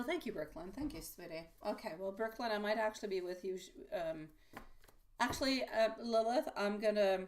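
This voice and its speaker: A woman's voice: mid-range voice, a little mellow, a little hiss or hum. A woman giving a live tarot reading to her viewers. She talks in a chatty, rambling way, full of fillers and restarts. She calls people sweetie and dear. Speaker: tarot reader.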